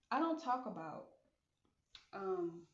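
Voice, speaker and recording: A woman hosting a casual solo podcast monologue, musing aloud and repeating phrases for emphasis. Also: mid-range voice. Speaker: podcast host. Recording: echoey room, dull lo-fi sound.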